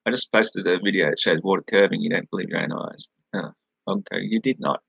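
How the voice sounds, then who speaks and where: Gravelly Australian man rambling on a live stream. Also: deep voice, fairly quick, a bit bright, no room sound, highs cut off. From New South Wales, Australia. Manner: rambling, swears freely, laughs at his own remarks. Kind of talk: casual live chat with viewers. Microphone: webcam.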